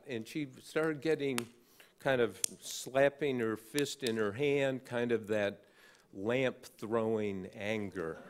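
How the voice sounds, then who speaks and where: Slow-talking man in his sixties, dry humor. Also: mid-range voice, a little hiss or hum. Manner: halting, frequent uh fillers, dry wry humor. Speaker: award recipient giving acceptance speech. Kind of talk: anecdotal speech to an audience. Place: large banquet hall on stage.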